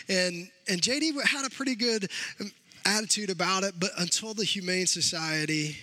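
A man's voice: sits high, no room sound. A man speaking to an audience, telling a personal story with humor and acting out what people said. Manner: humorous, animated storyteller who acts out quotes.

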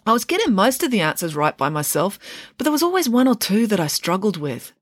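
A woman's voice: mid-range voice, sing-song, brisk, no room sound, studio quality, voice pushed up. A woman voicing a nervous, guilty young teenage schoolboy in a storybook reading, speaking sheepishly. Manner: sheepish, apologetic.

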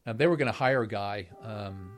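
A man's voice: on the low side, normal speed, faint music behind. A middle-aged man, a professor being interviewed, telling a long story in a wry, rambling way, with many fillers and restarts. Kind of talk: storytelling conversation.

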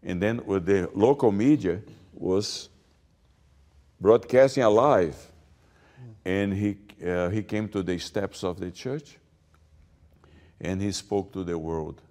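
A man, a guest speaking earnestly and haltingly. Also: sits low, warm tone. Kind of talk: interview.

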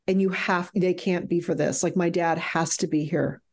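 A woman's voice: fairly low pitch, steady tone, moderate pace. A middle-aged woman telling a frank, emotional personal story as an interview guest, swearing freely.

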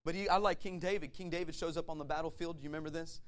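High-voiced preacher, animated and lively. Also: male voice, rapid-fire. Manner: animated storytelling with acted voices and laughs; conversational, asks the audience questions. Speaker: pastor. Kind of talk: sermon.

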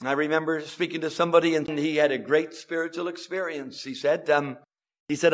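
A man with a fairly high voice preaches an evangelistic sermon to a gathered audience. He swings between loud, emphatic declarations and hushed, low asides. His pitch rises and falls widely as he drives home his points. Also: steady tone. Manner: spells words out slowly for emphasis.

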